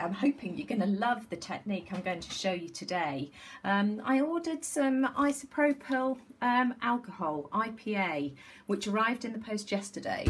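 A woman with a medium-pitched, slightly rough voice chats enthusiastically while demonstrating a craft at home, dropping plenty of ums. She hosts a craft tutorial and is recorded on a camera mic.

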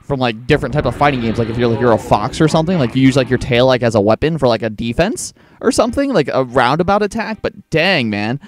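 A man's voice: medium pitch, lively intonation, quick pace, few pauses. A young man hosting a let's-play, rambling through casual gameplay commentary with lots of filler words. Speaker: gaming channel host.

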